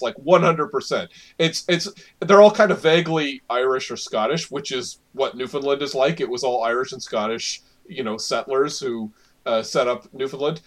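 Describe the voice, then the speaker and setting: Lively rambling man. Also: medium pitch. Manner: rambling, self-correcting, frequent laughs. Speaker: podcast co-host. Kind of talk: casual podcast chat.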